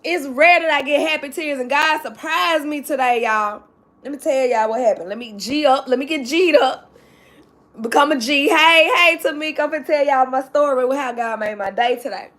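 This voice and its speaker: A woman's voice: sits high, moderate pace, fairly bright tone. A woman who works at a school, telling an emotional story on a casual live stream, close to tears, talking straight to her chat and repeating herself. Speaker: livestream host telling a story.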